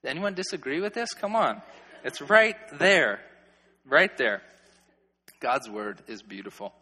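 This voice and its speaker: A man gives a casual, animated sermon, joking with his listeners as he walks through Bible verses. His voice is bright and forceful, and it rings out with a long reverb in a large hall. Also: a little high, a little slow, slightly rough. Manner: animated, joking, conversational with filler "like". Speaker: pastor or youth preacher. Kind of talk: sermon, expository Bible teaching.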